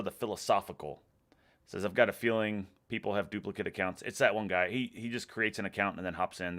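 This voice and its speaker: A man's voice: low voice, a bit bright. Laid-back Texan guy reading chat. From Texas. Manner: laid-back, chuckling, drinking beer while chatting. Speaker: livestream host. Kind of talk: casual livestream chat reading comments.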